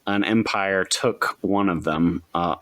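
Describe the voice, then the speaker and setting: A man with a lowish voice co-hosting a podcast, heard in a dry, close recording. He rambles and hesitates, filling his pauses as he explains game lore. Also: a bit bright, no echo. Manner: rambling, hesitant, many fillers. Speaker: podcast co-host. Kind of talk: casual podcast chat.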